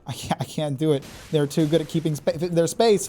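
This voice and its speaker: A man streaming a video game live, reacting excitably, swearing and taunting the enemies he fights. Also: fairly high pitch, a little fast, hardly any pauses. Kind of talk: live gameplay commentary.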